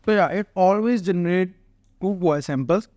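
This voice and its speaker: A man hosting a casual software walkthrough, chatty and explaining step by step with many "uh" fillers. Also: sits high, moderate pace. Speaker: tech tutorial host.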